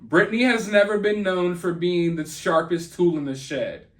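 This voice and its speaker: High-voiced man ranting indignantly. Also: fairly even intonation, moderate pace, fairly bright tone. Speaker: channel host. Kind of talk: celebrity gossip commentary.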